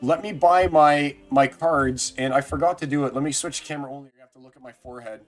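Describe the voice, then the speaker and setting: A fairly high-voiced man chatting live with his viewers as he plays a card game. He thinks out loud, jumps into loud excited outbursts, and keeps up a running commentary. Faint music plays under his voice. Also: fast talker. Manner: excitable, talks to chat, thinks aloud. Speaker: game streamer. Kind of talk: casual live-stream chat.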